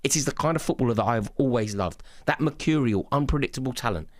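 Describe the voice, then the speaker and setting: Earnest fan, dry close sound. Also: male voice, medium pitch, animated, fast, dry recording. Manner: eloquent, earnest, rhetorical. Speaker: football fan content creator. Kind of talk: passionate monologue to camera.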